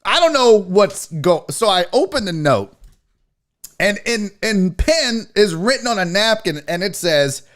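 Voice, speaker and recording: A man hosting a sports talk show, telling a story in a casual, profane, animated way and acting out what others said. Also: sits high, a little slow. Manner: animated, profane, acts out quotes. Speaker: podcast host.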